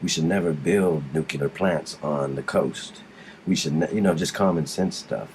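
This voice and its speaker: A middle-aged man with an extremely low, rumbling voice tells his story casually, circling back with restarts and the odd curse. A faint hiss of background noise sits under the recording. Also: moderate pace, a little mellow. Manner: rambling, with frequent restarts and blunt swearing. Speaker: guest describing alien abduction.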